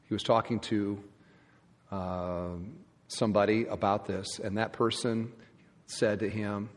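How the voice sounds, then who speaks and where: A man's voice: fairly low pitch, normal speed, breathy edge. A man preaching a sermon as pastor, emphatic and full of rhetorical questions to the congregation. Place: church sanctuary. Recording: long church hall reverb.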